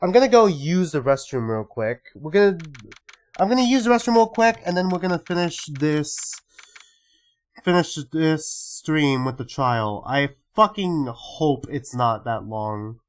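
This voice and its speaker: A man with a somewhat high voice, speaking a little slowly, streams a game as a let's-play streamer. His commentary is casual, animated, exasperated and full of swearing.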